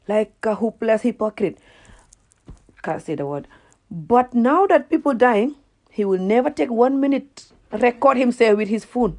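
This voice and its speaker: In a casual reaction-rant video, a Gambian vlogger whose first language is Wolof talks at a moderate pace in a slightly high, expressive voice with a darkish tone. She often laughs at herself and repeats words while hunting for the right ones.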